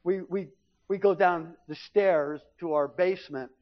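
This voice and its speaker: A middle-aged man preaching, telling a lively personal story from the pulpit and acting out what his family said. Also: high-pitched, a little slow. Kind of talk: sermon testimony storytelling. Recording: dull lo-fi recording.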